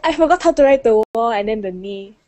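A young woman chatting casually in a group hangout, giggly and animated, laughing often. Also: fairly high pitch, fast talker. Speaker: hangout guest. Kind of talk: casual chat.

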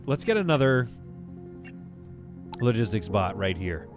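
A man's voice: mid-range voice, sing-song, measured pace, pauses often, music in the background. A man streaming a game live, giving exasperated, self-mocking play-by-play commentary with sudden outbursts.

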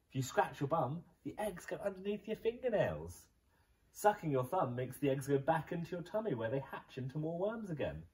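A male teacher voicing a sensible dog doctor who patiently explains and gently scolds, in a storybook reading. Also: medium pitch, far from the mic, voice pushed up, natural voice.

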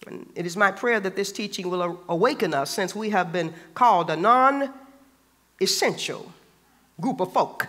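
A man's voice: sits high, unhurried, bright, forceful tone, big-room sound. A man pastor preaching a sermon, emphatic and colloquial, repeating phrases for stress.

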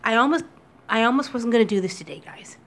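A woman talking to her viewers in a casual daily vlog from home, emotional and teary, speaking haltingly with many restarts into a computer webcam. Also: fairly high pitch. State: upset and teary. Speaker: vlogger. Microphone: computer webcam recording.

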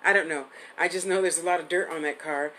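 A woman's voice: fairly low pitch, fairly even intonation, quick pace, bright, forceful tone, slight background noise, low-quality recording. A woman in her fifties giving a live-streamed psychic reading, chatty and affectionate, rambling with restarts. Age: 50s. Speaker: psychic medium host.

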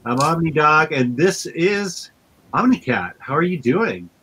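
A man's voice: a little high, sing-song, measured pace, sharp tone, a little hiss or hum. A man hosting a casual comic book review show, easygoing and upbeat, with a stuffed-up nose. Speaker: host. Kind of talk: casual chat.

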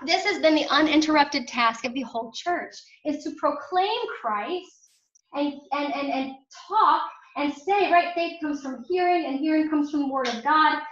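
A woman's voice: sits high, a bit bright. A woman teaching a parish faith class, telling personal stories with earnest, emphatic repetition. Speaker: catechist. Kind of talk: faith formation class talk. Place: church hall or parish classroom. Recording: echoey room, far from mic, dull sound.

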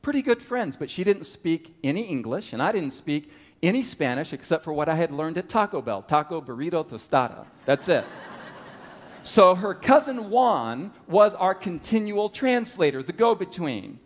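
A middle-aged male preacher with a high, very lively voice that swings up and down as he tells his story. His sermon carries a long reverb from a large meeting hall. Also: normal speed. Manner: storytelling with animated rises and drops.

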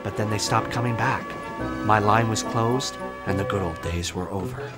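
A gentle old tram engine, as a man puts him on for a storybook, soft-spoken, wistful and apologetic, lifting his voice brightly when thrilled. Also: on the low side, normal speed, loud music behind the voice, lightly acted.

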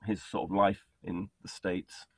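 A man's voice: low voice, little pitch movement, unhurried, vocal fry, fairly bright tone, breathy edge. A man hosting an interview over a video call, chatty and enthusiastic with lots of fillers. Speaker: podcast host. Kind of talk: casual interview chat.

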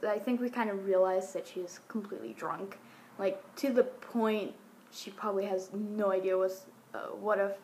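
A woman's voice: medium pitch, slight background noise. Rambling young woman telling a story. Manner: rambling, full of fillers like "like" and "um", laughs now and then. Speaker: vlogger. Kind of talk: casual storytime vlog. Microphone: phone or webcam.

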